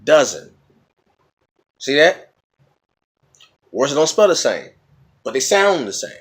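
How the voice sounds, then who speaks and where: A man's voice: on the high side, big pitch swings, slow, husky. A man casually explaining battle rap rhymes in a teacherly way, repeating example words and checking in with "okay?".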